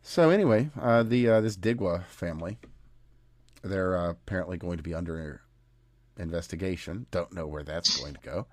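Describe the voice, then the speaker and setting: In a low, slightly mellow voice at a normal pace, an American man hosts a podcast, keeping the chat casual but laced with sarcasm and indignation. The recording is dry.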